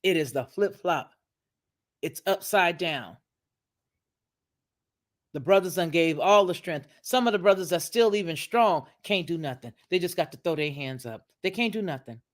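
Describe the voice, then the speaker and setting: Animated, preacherly woman commentator. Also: on the low side, moderate pace, long pauses. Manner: preacherly and emphatic, with scripture quotes. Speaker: online commentator. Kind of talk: religious video commentary.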